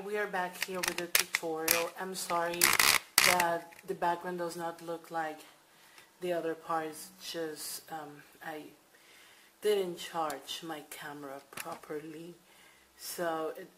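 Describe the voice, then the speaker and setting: Woman, lowish voice, unhurried homemade crochet tutorial, faint noise behind. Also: fairly bright tone, low-quality recording. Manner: hesitant, filler-heavy, repeats steps. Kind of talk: casual how-to demonstration. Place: home at night.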